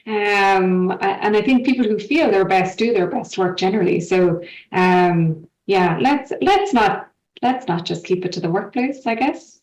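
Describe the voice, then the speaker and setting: A woman's voice: mid-range voice, unhurried, a little mellow. A woman on a work panel, speaking in a hesitant, reflective way with many fillers. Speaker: panel guest. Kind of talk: panel discussion. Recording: roomy, distant from the mic.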